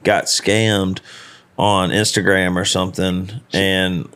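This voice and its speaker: A man's voice: low voice, level tone, slow pace, fairly bright tone, clear, resonant tone. A man hosting a podcast, laid-back and casual, swearing freely. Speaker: podcast host, singer. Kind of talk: casual chat.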